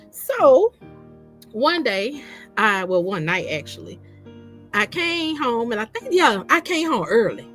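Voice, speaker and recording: A woman recounting her own story in casual conversation, repeating phrases and quoting herself. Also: a little high. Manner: animated, repeats phrases, quotes herself in dialogue.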